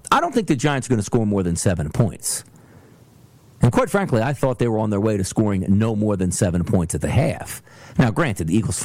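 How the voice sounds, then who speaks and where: A man hosting a solo sports talk show, ranting in an animated way and slipping into mocking voices. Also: lowish voice, no echo. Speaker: sports podcast host.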